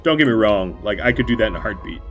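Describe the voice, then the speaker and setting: A man's voice: on the low side, lively intonation, fast talker. A man streaming a strategy game, giving casual, playful gameplay commentary in a gleefully mock-villainous way. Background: faint game music.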